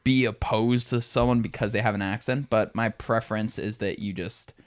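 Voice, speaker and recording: A man's voice: on the low side, steady tone, moderate pace. A young man co-hosting a casual podcast, blunt and profane, breaking into laughter often. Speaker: podcast co-host.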